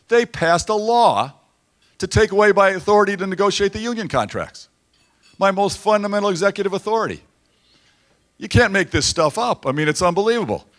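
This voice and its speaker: A man's voice: fairly high pitch, quick pace. Man giving a punchy dinner speech. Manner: storytelling, animated, repeats lines for emphasis. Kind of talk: campaign-style speech. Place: banquet hall at a dinner event.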